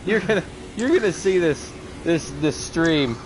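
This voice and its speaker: Teasing man with a lively voice. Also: a little high, measured pace, noisy background. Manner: teasing, giggly. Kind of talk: casual gaming chat.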